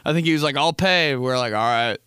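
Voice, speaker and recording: This podcast host is a man in his twenties with a brisk, sharp tone, recorded smoothly in studio quality with no echo. He chats in a casual, comedic way, rambling, laughing frequently, and performing quotes in high-pitched voices.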